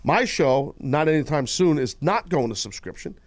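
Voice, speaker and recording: A man hosting a podcast, talking bluntly and gruffly in rambling casual chat. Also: on the high side, expressive, moderate pace, no room sound. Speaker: podcast host.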